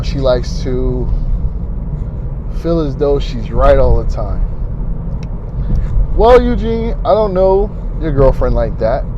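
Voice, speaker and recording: Animated man giving advice by traffic. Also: medium pitch, muffled recording. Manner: animated, swings between loud and quiet. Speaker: relationship advice vlogger. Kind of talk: casual advice monologue.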